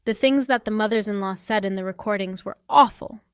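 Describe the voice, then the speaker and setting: A woman's voice: mid-range voice, brisk, smooth, no echo, studio quality. A young adult woman narrating a first-person story in a sassy, confrontational manner.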